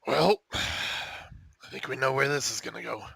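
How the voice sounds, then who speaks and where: A man's voice: mid-range voice, measured pace, creaky, sharp tone. A man playing a tabletop game, joking dryly with the table. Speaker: player.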